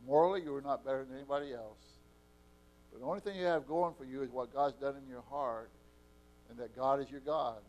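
A man preaching a sermon with impassioned delivery, his loudness swinging between soft and strong. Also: mid-range voice, fairly quick. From Eastern Oregon.

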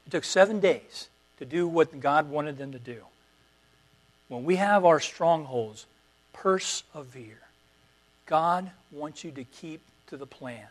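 A man preaching a sermon as pastor, repeating short exhortations and swinging between quiet, drawn-out words and loud, emphatic calls. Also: a little high, animated.

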